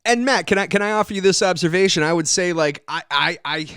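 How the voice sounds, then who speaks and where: A man's voice: high-pitched, quick pace, fairly bright tone, clear, resonant tone, no room sound, clean studio sound. A man hosting a casual interview, rambling and swearing, laughing often. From Michigan. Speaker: podcast host.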